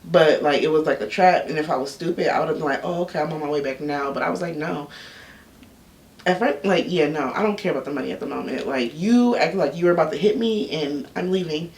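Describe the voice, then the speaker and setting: A young woman telling a personal story in a casual, candid vlog, full of slang and animated asides. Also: low-pitched, fast talker, few pauses. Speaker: YouTube storyteller. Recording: echoey room, a bit off-mic.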